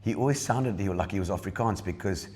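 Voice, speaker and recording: A man's voice: low-pitched, fast talker, husky, big-room sound. Laughing South African man telling stories. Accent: South African English, Eastern Cape. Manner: animated storyteller, laughs often, many restarts. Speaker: podcast guest, entertainer. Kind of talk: casual chat. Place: bowling club.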